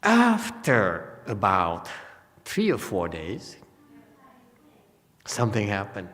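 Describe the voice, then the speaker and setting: A male Buddhist teacher tells stories in an unhurried, halting way, pausing on fillers and laughing often. His speech is slow. The sound carries a long hall reverb. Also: lowish voice, wildly swooping pitch, a bit bright. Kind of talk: dharma talk. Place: monastery hall.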